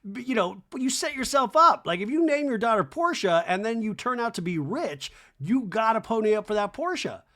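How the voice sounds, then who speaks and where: A man's voice: sits high, expressive, moderate pace, hardly any pauses, sharp tone. A man hosting a casual comedic recap, joking and swearing freely as he acts out quotes. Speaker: podcast host recapping a reality show.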